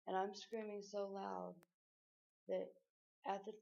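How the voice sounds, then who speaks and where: A woman giving a halting, emotional personal account, with many restarts, recorded on a webcam. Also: mid-range voice, level tone, creaky, dark tone, lo-fi sound. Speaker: person recounting an arrest.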